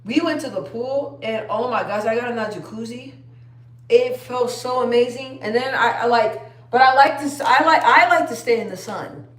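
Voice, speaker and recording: A woman's voice: a little high, normal speed, a bit bright. A young woman chatting casually on a phone live stream, rambling and trailing off. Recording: roomy echo.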